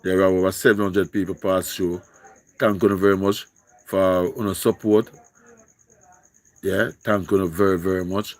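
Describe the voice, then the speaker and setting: A man's voice: low-pitched, level tone, measured pace, long pauses. A man with a Jamaican accent hosting a casual live stream, pleading and repeating himself in singsong calls.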